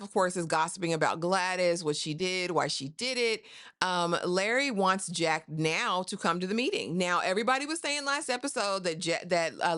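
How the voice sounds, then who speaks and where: A woman's voice: fairly low pitch, fairly bright tone, no echo, clean studio sound. A woman giving a casual recap of a TV episode, chatty and sassy, with asides like "honey" and "girl". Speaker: TV recap host.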